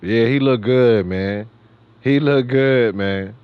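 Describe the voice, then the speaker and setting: A man's voice: medium pitch, slow pace, clean tone, no echo, phone-quality sound. A middle-aged man from New York City hosting a gaming livestream, rambling in slangy casual chat and laughing often. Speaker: livestream host.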